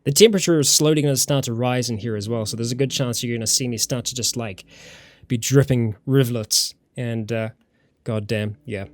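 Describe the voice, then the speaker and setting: A man's voice: medium pitch, a little fast. A man from New Zealand with a New Zealand accent, casually commenting as he plays a survival game, thinking aloud and greeting viewers in chat. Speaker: let's-play host. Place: warm room at home.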